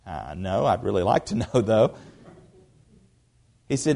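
A man preaching a sermon in a conversational way, repeating words as he goes and swinging between quiet asides and loud, emphatic stretches. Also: fairly low pitch, very animated, measured pace, vocal fry, long pauses. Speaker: pastor.

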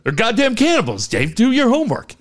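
A man's voice: extremely high pitch, wildly swooping pitch, a little fast, slight background noise. A man co-hosting a sports talk show, ranting sarcastically and swearing at fans. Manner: loud, sarcastic, swearing, mocking. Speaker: sports radio co-host. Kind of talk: profane sports talk rant.

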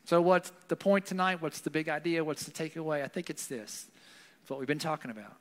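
Preaching conversationally in a church hall, a male pastor speaks a little fast in a fairly high, fairly bright voice. His Southern US accent comes through, along with a habit of adding "right?" Long hall reverb colors the recording.

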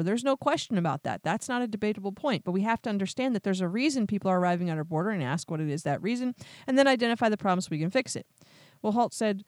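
A woman's voice: medium pitch, no room sound, studio quality. A woman host giving opinionated news commentary, sarcastic and incredulous, retelling quotes with exasperation. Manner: quotes others in animated retellings.

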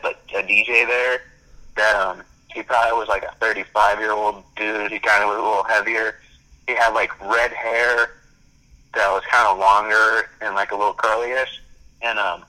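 A man's voice: lowish voice, pushed and bright, low-quality recording. A young man in casual chat, rambling through stories with lots of "like" and frequent laughs. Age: young adult.

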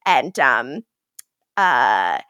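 Lively woman recapping with playful voices. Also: extremely low pitch, dry recording, clean studio sound. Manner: retells scenes acting out characters' lines in quick impressions; lots of "like" fillers, laughing. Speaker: podcast co-host. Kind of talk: casual recap chat.

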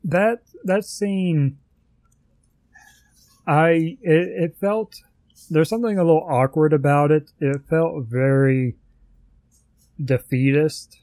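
A man's voice: fairly high pitch, steady tone, takes it slowly, long pauses, mellow, no room sound. A man in casual chat, hesitantly sharing his take on a film, thinking aloud with frequent "you know"s. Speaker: podcast co-host.

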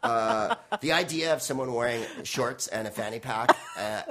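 A middle-aged man, a stand-up comedian and guest, telling rambling, animated stories in casual conversation and acting out other people's voices. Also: mid-range voice, normal speed, vocal fry. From United States (San Francisco).

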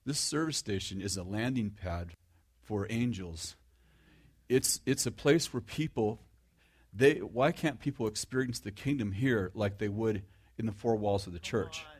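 A middle-aged man preaching in a relaxed, conversational way, with a sarcastic, self-mocking humor. He restarts his sentences often and turns to the audience with questions. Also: lowish voice, measured pace, husky. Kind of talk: conversational sermon.

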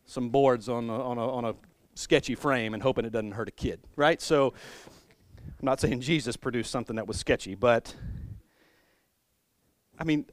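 A man's voice: mid-range voice, normal speed, pauses often, no echo. A male pastor preaching a sermon in a conversational, humorous and musing way.

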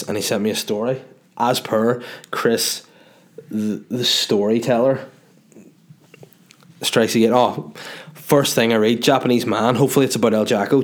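A young man with a Northern Irish accent, a comedian chatting loosely and jokingly as he reads out viewer messages. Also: mid-range voice. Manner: loose and jokey, swearing, reads messages aloud. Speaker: comedian answering viewer questions. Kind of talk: casual chat.

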